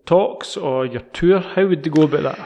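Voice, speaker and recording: A male radio host with a slightly high voice, courteous and brisk as he moves the interview along. A long reverb lingers on his voice. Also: vocal fry, dark tone.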